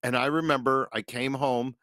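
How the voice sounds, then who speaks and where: A man's voice: mid-range voice, fairly even intonation, moderate pace, pushed and bright, dry recording, studio quality. A middle-aged man, a podcast co-host, telling a long, rambling family story with lots of swearing. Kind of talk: casual storytelling.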